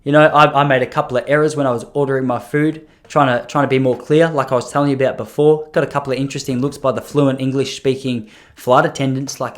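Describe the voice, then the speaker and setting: A man's voice: mid-range voice, level tone, fast talker, hardly any pauses. A man in his thirties hosting a podcast, rambling through stories with self-deprecating jokes. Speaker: podcast host. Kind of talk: casual comedic solo podcast monologue.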